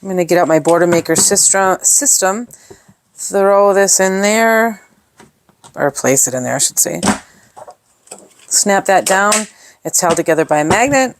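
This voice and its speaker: A woman's voice: medium pitch, a little slow, long pauses, noisy background. A woman chatting through an unboxing of scrapbooking supplies, gushing over each piece and thinking aloud with fillers. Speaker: scrapbooking product reviewer. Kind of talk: casual unboxing show-and-tell.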